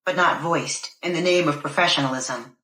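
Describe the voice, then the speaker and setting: A woman narrating an audiobook in the first person, with a measured, expressive reading. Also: low-pitched, echoey room, low-quality recording.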